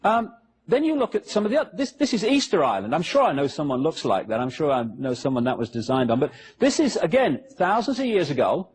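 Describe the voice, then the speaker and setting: A man's voice: on the high side, big pitch swings, fairly quick, slightly rough. A man giving a public lecture with slides, talking the audience through pictures with sarcastic, mocking asides.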